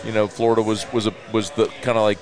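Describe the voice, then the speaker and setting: Man, sports talk host, chatty, upbeat, a bit low-pitched. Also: completely flat delivery, quick pace. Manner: chatty, upbeat, laughs easily.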